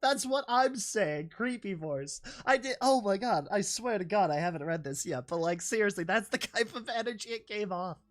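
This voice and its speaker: High-voiced man reading a fan story. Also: animated, moderate pace, hardly any pauses. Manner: laughs often and breaks off to react. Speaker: narrator and commentator.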